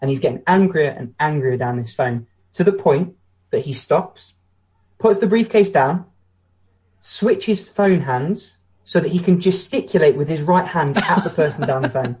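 A man's voice: a little high, normal speed, a little mellow. A British man co-hosting a casual podcast chat, blunt and opinionated, telling anecdotes. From Britain. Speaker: podcast co-host.

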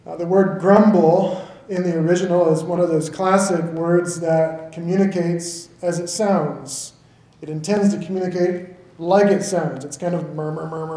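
Male pastor, 30s, from the South; chatty sermon delivery, high and warm, roomy church sound. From American South. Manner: conversational, asks the congregation "right?" often.

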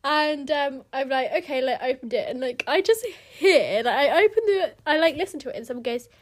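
A young woman, co-hosting a podcast in casual chat, telling stories with lively acted-out voices. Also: high voice, brisk. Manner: excitable storyteller, acts out voices. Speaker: podcast co-host.

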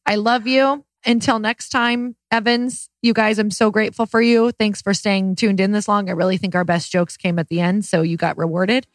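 A woman's voice: mid-range voice, steady tone, normal speed, hardly any pauses, no room sound, clean studio sound. A woman hosting a podcast in casual chat, playful and jokey, often giggling. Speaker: podcast host.

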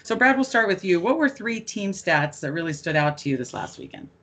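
A woman's voice: fairly low pitch, very animated, brisk, fairly bright tone. A middle-aged woman hosting a casual sports podcast, chatty and self-deprecating. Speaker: podcast host.

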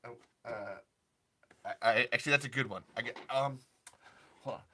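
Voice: mid-range voice, a little slow, sharp tone, slightly rough. A young adult streamer chatting casually and rambling through restarts, answering chat and jumping into impressions. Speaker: livestream host.

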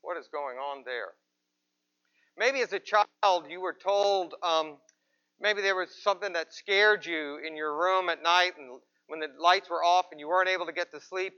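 A man's voice: high voice, sharp tone, clear, resonant tone, lo-fi sound. A man pastor giving a conversational sermon in church, asking rhetorical questions of the congregation. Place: church, with people present and some watching remotely.

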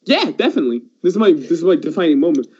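A man from England telling a story in casual podcast chat, animated and swearing a lot. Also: fairly high pitch, rapid-fire, slightly rough. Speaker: podcast host. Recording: dull lo-fi sound.

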